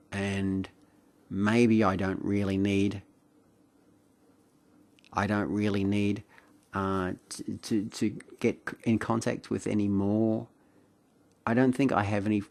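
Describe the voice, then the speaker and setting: Deep-voiced Australian man rambling late at night. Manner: rambling, hesitant, chuckling, with many fillers and restarts. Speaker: vlogger. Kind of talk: late-night reflective monologue. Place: home at night.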